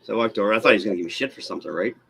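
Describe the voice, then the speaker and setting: A man telling an animated work anecdote in a casual chat, laughing as he goes. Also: on the low side, racing, creaky, breathy edge. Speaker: stream co-host. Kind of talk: casual storytelling.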